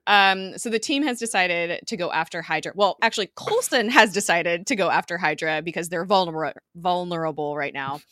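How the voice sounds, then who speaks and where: A woman's voice: lowish voice, a little fast, hardly any pauses, a bit bright, no room sound, clean studio sound. A young woman hosting a podcast, casually recapping a TV episode with lots of fillers and laughter. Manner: chatty, many fillers, frequent laughter. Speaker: podcast host.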